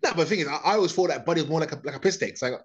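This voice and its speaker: A man chatting casually about wrestling as a podcast co-host, relaxed and hesitant, often repeating himself. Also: fairly high pitch, racing, highs cut off.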